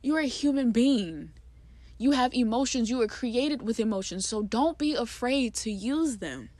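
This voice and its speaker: A woman's voice: on the high side, animated, moderate pace, a little mellow, no echo. A woman talking passionately and casually about a poem she wrote, speaking emphatically in bursts with lots of fillers. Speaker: poet explaining her poem. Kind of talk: casual heartfelt monologue.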